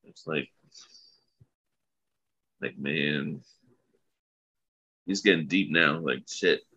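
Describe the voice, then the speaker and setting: A man's voice: a bass voice, extremely slow, sharp tone, slightly rough, muffled recording. A man co-hosting a podcast, talking loosely and casually about an episode, swearing now and then. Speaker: podcast co-host. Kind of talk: casual episode recap chat.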